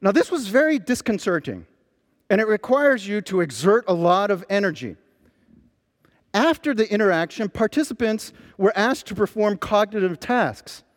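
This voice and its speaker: A man preaching a sermon, telling stories with lively emphasis as a pastor. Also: high-pitched, normal speed, in a large hall. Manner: animated storytelling preacher.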